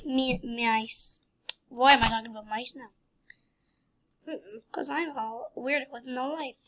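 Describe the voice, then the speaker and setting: A woman's voice: high-pitched, a little slow, a bit bright. A woman giving silly, rambling gameplay commentary, full of sound effects and goofy asides.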